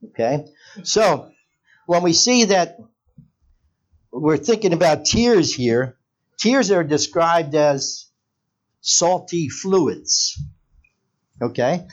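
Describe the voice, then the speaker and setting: Male pastor, sermon, lively pitch, slow delivery, questions to the congregation, dull lo-fi church recording. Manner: conversational, asks the congregation questions.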